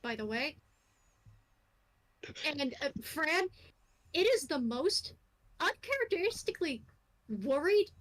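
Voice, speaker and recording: A woman running a tabletop role-playing game, narrating scenes casually with wry asides. Her voice sits high. She fills gaps with loose fillers. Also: poor audio. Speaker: game master.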